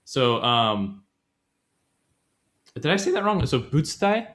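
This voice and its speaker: A man's voice: mid-range voice, sing-song, slow pace, a bit bright. A man co-hosting a casual podcast, explaining grammar in a loose, rambling way with many fillers, self-corrections and frequent laughs. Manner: laughs often.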